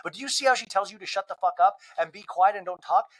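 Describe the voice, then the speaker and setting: A man puts on a brash woman reality star with a raised, lifted voice. She talks loudly and with heavy emphasis, always ready to argue. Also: high voice, fast, pitched above the performer's own voice, close to an everyday voice. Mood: combative.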